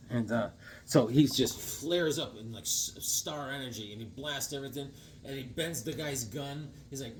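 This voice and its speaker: A man's voice: medium pitch, unhurried, darkish tone, a little hiss or hum. A man casually recapping a comic series, rambling and chatty, often checking in with the listener.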